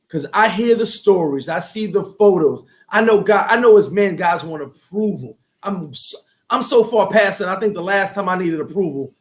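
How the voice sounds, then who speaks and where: A man hosting a casual talk show, speaking in a lively, preachy motivational way. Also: high-pitched. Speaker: host. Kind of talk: casual chat.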